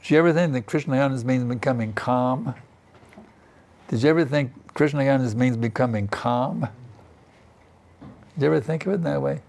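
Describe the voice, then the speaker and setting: In a Vrindavan temple, an older spiritual teacher leads a scripture class, chatting along and repeatedly asking "isn't it" and "you see." His mid-range voice is brisk and darkish, with vocal fry and frequent pauses.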